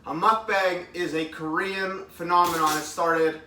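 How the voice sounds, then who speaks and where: A man's voice: a little high, fairly even intonation, measured pace, sharp tone, a little hiss or hum. A man in his thirties hosting a casual live eating stream at home, chatting upbeat with his viewers and reading their comments aloud. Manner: chatty, upbeat, talks with mouth full, reads comments aloud. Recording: echoey room, mic at a distance.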